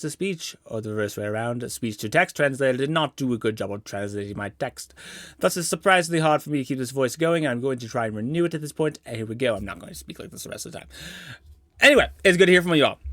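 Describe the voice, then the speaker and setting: A young man giving a personal life update, forcing slow, over-enunciated narrator-style speech and mocking himself for it. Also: medium pitch, pushed and bright, no echo, clean studio sound. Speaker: vlogger.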